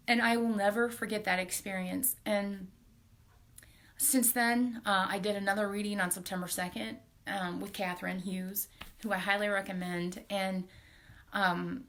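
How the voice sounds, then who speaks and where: A woman's voice: mid-range voice, gravelly. Woman telling a heartfelt personal story. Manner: heartfelt, halting, with soft laughs. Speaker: host. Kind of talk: personal storytelling on a live stream.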